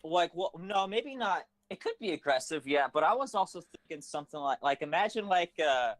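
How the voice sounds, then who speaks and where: A man's voice: fairly high pitch, lively intonation, fairly quick, a bit bright, no room sound, low-quality recording. Man directing a voice session, rambling, fillers, dry close sound. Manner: hesitant, rambling with many fillers. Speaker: writer and director. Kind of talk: casual directing chat. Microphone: phone.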